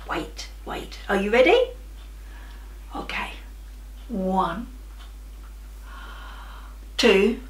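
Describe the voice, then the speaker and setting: Lively, animated woman teacher in a roomy space. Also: medium pitch, very slow, long pauses, a little hiss or hum. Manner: animated, encouraging, playful sound effects. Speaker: primary school drama teacher. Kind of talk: leading a children's drama game. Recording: roomy, voice from a distance, music behind.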